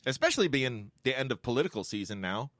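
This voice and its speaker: A man hosting a radio show, chatting casually with a co-host; animated, his pitch jumping up as he gets worked up, laughing often. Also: quick pace, dry recording, clean studio sound.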